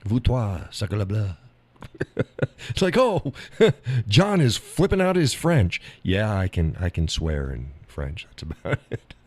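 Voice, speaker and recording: A man's voice: fairly low pitch, animated, takes it slowly, no echo. A man hosting a live stream, chatting casually with viewers in a folksy, drawling way and laughing often.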